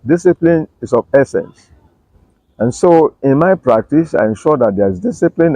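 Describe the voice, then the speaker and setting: A man, a lawyer speaking in a measured, formal way in an interview. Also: a little high, darkish tone, no echo, poor audio. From Nigeria. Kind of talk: interview testimony.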